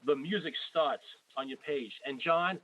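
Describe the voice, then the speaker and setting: A man's voice: on the high side, moderate pace, bright, forceful tone, poor audio. A man in his forties hosting an interview, effusive and rambling, often repeating himself. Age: 40s. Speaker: podcast host. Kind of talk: casual interview.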